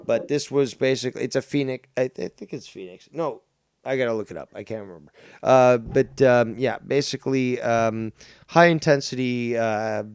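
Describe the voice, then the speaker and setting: A man's voice: medium pitch, moderate pace, clear, resonant tone, dry recording, studio quality. A man with a Canadian accent, a podcast guest rambling through casual chat with plenty of ums, restarts and the odd swear.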